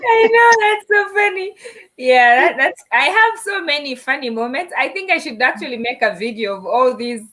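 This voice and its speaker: Lively woman from Africa telling stories. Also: high voice, moderate pace. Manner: animated storytelling, acting out quoted dialogue. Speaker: guest. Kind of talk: casual interview chat.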